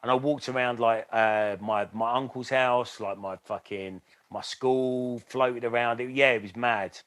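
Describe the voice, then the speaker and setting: A man's voice: medium pitch, steady tone, a little slow, fairly bright tone. A man, a podcast co-host telling a long rambling story in casual chat and swearing freely.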